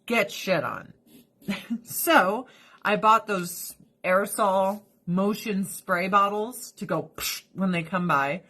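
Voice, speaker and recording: A woman vlogging from home, chatting casually and bluntly while doing her skincare, swearing freely. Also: mid-range voice. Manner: profane, blunt and animated, with lots of acted quotes.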